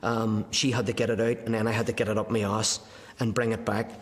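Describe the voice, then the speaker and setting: A man's voice: lowish voice, little pitch movement, fast. A man, a former prisoner, telling a story in a wry, matter-of-fact way. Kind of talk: recollection in interview. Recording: long hall reverb.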